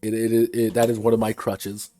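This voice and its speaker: A man's voice: on the low side, little pitch movement, a little fast, warm tone, no echo, faint music behind. A man chatting casually on a stream about designing games, rambling, laughing and swearing freely. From United States. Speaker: game designer streaming a workshop.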